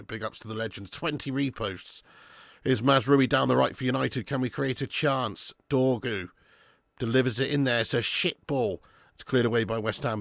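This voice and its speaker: A man hosting a live football watch-along, sweary and bantering, swinging into excitable commentary. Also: mid-range voice, vocal fry, no echo, clean studio sound. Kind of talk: live match commentary and chat.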